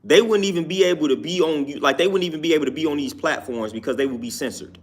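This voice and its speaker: A man's voice: a little high, quick pace. A man talking through his opinions on his own YouTube show, emphatic and repetitive, often asking "you know what I'm saying". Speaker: YouTube commentator. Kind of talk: casual opinion talk.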